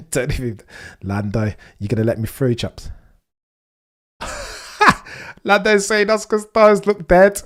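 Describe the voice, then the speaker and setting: Young male streamer, casual and excitable, mid-pitched, talks straight to chat. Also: a little slow. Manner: excitable, chatty, addresses chat directly, rhetorical questions. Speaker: livestream watchalong host. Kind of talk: live race watchalong commentary.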